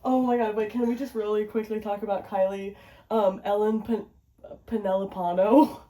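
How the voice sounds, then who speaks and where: A woman's voice: medium pitch, fairly even intonation, moderate pace, warm tone. A woman improvising a comedy sketch as a matchmaker, playful and often breaking into laughter.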